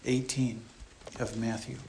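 A man's voice: medium pitch, flat delivery, unhurried, creaky, a little mellow, slight background noise. Man preaching a verse-by-verse sermon. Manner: conversational, explains and repeats points. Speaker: pastor. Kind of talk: expository sermon.

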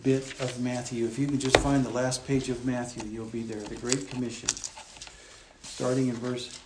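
A man's voice: medium pitch, little pitch movement, moderate pace, heavy background noise. A man preaching a conversational expository sermon in a church, explaining and repeating his points as he goes. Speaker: pastor.

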